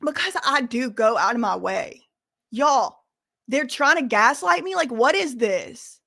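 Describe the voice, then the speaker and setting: With a slightly high, creaky voice and a slightly slow pace, a young woman hosts a casual commentary channel. She addresses viewers directly in an animated, emphatic way, using "y'all" and casual slang.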